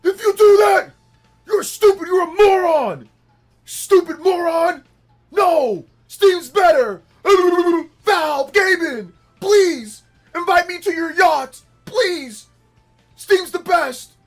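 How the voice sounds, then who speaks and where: A man putting on a shrill ranting fanboy. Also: slow, faint music behind. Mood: mocking, shrill. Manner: loud mocking shouts with laughs. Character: shrill ranting male gaming fanboy, insulting. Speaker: livestream host.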